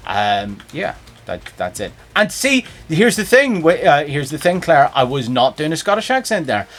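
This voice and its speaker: A man's voice: fairly high pitch, big pitch swings, moderate pace, a bit bright, faint music behind. A man chatting and joking casually while streaming a game. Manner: joking, rambling, playful. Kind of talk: casual gameplay stream chat.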